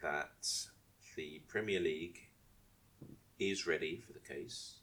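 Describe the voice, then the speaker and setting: A man's voice: rumbling low, slow, a bit bright. A man co-hosting a casual football podcast, rambling, restarting his questions and explaining things at length. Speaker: podcast co-host.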